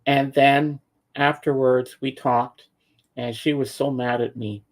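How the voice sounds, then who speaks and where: He's a regular on the show, and his medium-pitched voice comes out flat and slow. Over casual podcast talk he tells a long personal story, rambling with frequent restarts and repeated words and performing the quoted things people said.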